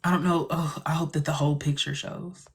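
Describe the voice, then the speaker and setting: A man's voice: on the high side, level tone, a little fast. Chatty, sarcastic man hosting a live stream. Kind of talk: casual live-stream chat.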